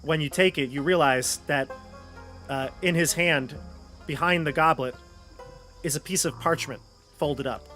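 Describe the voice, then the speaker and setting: A man running a tabletop role-playing game as game master, narrating in a loose, relaxed way. His voice sits somewhat high. Soft music plays faintly behind him. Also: a little slow, long pauses. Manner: relaxed, casual narration with fillers.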